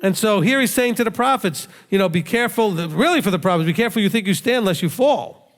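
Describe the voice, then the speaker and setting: A man's voice: high voice, lively intonation, fast talker. A male rabbi giving a conversational sermon, emphatic and full of rhetorical questions he answers himself. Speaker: rabbi teacher. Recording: long hall reverb.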